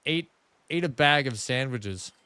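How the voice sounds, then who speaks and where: A man's voice: medium pitch, lively intonation, unhurried, pushed and bright, slight background noise. Chatty Australian man live-streaming a game. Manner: chatty, talks to chat, self-mocking frustration. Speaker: gaming streamer. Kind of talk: casual live-stream commentary. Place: home room.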